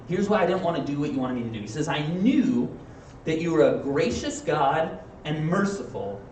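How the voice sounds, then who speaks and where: A man's voice: a little high, a little mellow, a little hiss or hum. Casual man preaching in an echoey church. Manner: casual, conversational preaching with playful acted-out asides. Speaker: pastor. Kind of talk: sermon. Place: church sanctuary. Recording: echoey room, mic from a distance.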